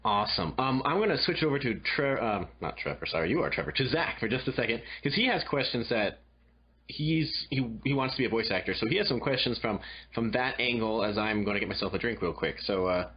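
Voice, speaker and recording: A man's voice: medium pitch, lively intonation, a little fast, breathy edge, muffled recording. A man hosting a podcast interview, chatty and loose with fillers. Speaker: podcast host. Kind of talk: casual interview chat.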